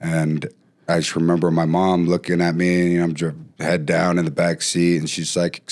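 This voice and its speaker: A man talking as a podcast guest, telling stories casually with lively bursts and frequent restarts. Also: low voice, normal speed. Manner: animated, trails off and restarts often. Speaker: podcast guest, former pro football player. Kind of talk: casual storytelling.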